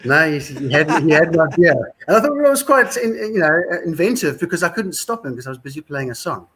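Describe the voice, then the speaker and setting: A man's voice: on the high side, sing-song, fast, fairly bright tone. A man in his sixties with a South African accent, a musician guest telling rambling, wry anecdotes in a casual interview. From Scotland, raised in South Africa.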